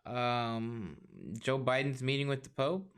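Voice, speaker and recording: A man co-hosting a casual podcast chat, easygoing and quick to laugh, steering the talk along. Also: mid-range voice, little pitch movement, smooth. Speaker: podcast co-host.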